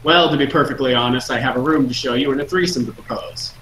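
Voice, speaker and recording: A man's voice: mid-range voice, fast talker, a bit bright, slight background noise, natural voice. A man voicing a sly, scheming companion in a tabletop game, speaking in a suggestive manner. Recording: roomy echo.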